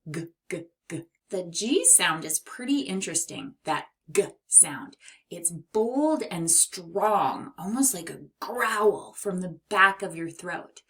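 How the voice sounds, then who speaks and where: Slow, clear woman teaching phonics. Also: mid-range voice. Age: adult. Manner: slow, clear, encouraging teacher talk to young children. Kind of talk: children's phonics lesson.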